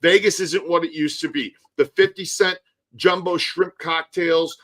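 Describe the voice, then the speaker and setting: A man's voice: fairly high pitch, steady tone, unhurried, fairly bright tone, poor audio. A man hosting a live stream, ranting animatedly in casual chat and swearing often. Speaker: tour guide and live stream host.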